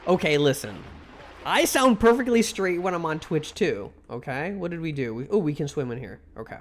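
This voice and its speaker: A man's voice: on the high side, animated, moderate pace. A young man streaming live, chatting casually, rambling and swearing as he gets worked up over a story.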